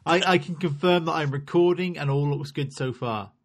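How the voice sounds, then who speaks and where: A man's voice: fairly high pitch, normal speed. A man hosting a podcast who makes dry, wry jokes in casual banter.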